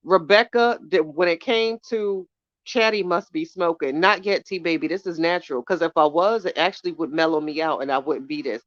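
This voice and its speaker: Woman podcast host, lower-pitched, blunt and profane gossip talk, dull lo-fi dry recording. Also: normal speed, no echo. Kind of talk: casual chat reacting to live chat.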